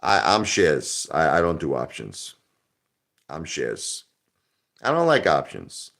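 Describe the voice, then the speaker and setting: A man hosting a live stream in casual, rambling talk, joking loudly at times and turning quiet and somber at others. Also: a bass voice, huge pitch swings, takes it slowly, gravelly. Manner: loud, joking, rambling, swings into soft somber tones.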